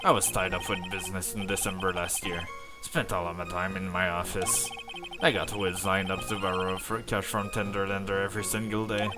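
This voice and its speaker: Man putting on a gruff bullying thug, low voice, game music. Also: flat delivery, a little fast, lightly acted. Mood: dismissive. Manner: brash, tough-guy slang. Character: gruff male loan-shark thug, hot-tempered bully.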